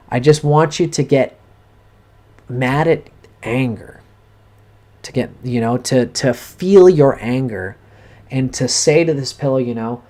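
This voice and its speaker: A man in a live-streamed cold reading, speaking straight to a viewer and coaching her in an earnest, animated way. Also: medium pitch. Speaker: astrologer giving a reading.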